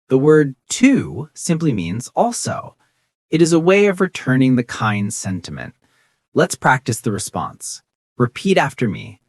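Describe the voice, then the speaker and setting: A teacher gives a scripted beginner lesson in an encouraging tone. The pitch moves a lot, rising and falling. Example phrases are spoken slowly and clearly. The sound is dry and close, with no room echo. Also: huge pitch swings, a little mellow. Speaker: English teacher.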